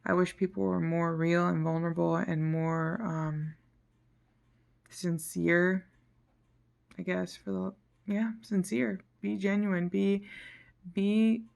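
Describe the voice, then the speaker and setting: A woman with a lowish, gravelly voice vents in a casual vlog. She talks frankly and rambles, sounding tired and fed up, and now and then her voice sinks almost to a whisper. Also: level tone, slow pace, pauses often, a little mellow. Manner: frank, frustrated, rambling, drops to near-whisper at times. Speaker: vlogger.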